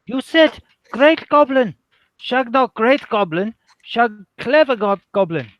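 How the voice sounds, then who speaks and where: A man's voice: very high-pitched, lively intonation, slow pace, dry recording, dull audio, voice pushed up, heavily acted. A man voicing a small, clever male goblin who speaks in broken phrases about himself. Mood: indignant.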